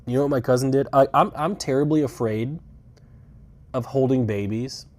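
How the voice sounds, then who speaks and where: A young man with a mid-range, darkish voice talks at a moderate pace while live-streaming from a rental car on a road trip. The chat is casual and rambling, with swearing and deadpan sarcastic asides.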